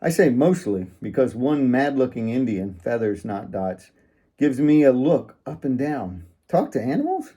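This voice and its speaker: Wry, mellow-voiced male narrator. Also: medium pitch, expressive, a little slow. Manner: wry, sardonic. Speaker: audiobook narrator. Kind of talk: first-person fiction narration.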